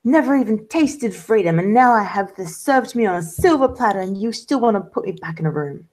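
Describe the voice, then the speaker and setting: A woman's voice: medium pitch, animated, brisk, darkish tone, pitched above the performer's own voice, natural voice. A woman voicing a defiant young daughter, sarcastic toward her father.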